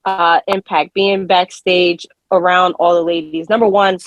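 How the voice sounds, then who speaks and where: A woman's voice: on the low side, flat delivery, unhurried, dry recording, highs cut off. A woman with a New Jersey accent, a wrestler guesting in a casual interview, laid-back and rambling.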